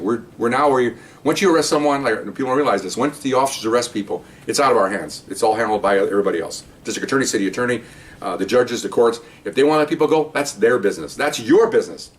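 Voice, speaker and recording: An older man, a retired police officer, telling a story in a rambling, casual way and often adding "okay?". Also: quick pace. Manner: rambling, tags remarks with "okay?". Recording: distant mic, faint rumble.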